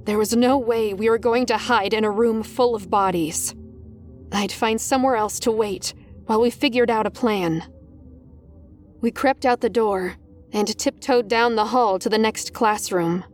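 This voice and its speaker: A woman's voice: fairly high pitch, unhurried, a little hiss or hum. A woman narrating a first-person horror story in a tense, dramatic manner. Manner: tense, dramatic, rising in panic.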